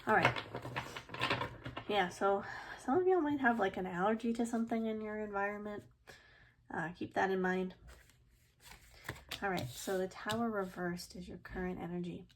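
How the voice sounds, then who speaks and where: A woman's voice: medium pitch, moderate pace, pauses often, noisy background. Chatty woman reading tarot cards. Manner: chatty, relaxed, many fillers and soft laughs. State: itchy throat, sneezing. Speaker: tarot reader. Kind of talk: casual tarot reading to camera.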